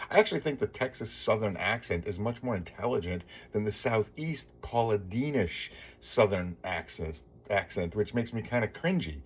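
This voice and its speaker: Husky-voiced man ranting casually. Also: fairly low pitch, moderate pace. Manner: digressive, opinionated, restarts a lot. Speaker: vlogger. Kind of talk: casual rambling monologue.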